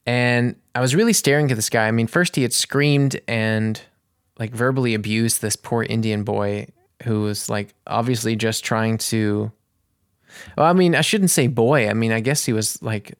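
Man, mid-pitch, vlog storyteller, chatty and rambling, dry close recording. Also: normal speed, clear, resonant tone, no echo. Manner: rambling, restarts and searches for words. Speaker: vlogger. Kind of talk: casual storytelling to camera.

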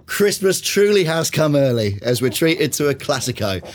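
A man's voice: fairly high pitch, big pitch swings, normal speed, slight background noise. A man hosting a casual football chat in a studio, joking, laughing often and putting questions to his panel. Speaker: podcast host.

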